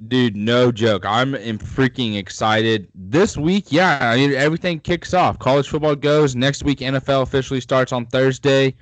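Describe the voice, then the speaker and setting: A man's voice: medium pitch, moderate pace, few pauses, no room sound. Young man, podcast co-host, upbeat joking banter, dry close mic. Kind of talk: casual sports podcast chat.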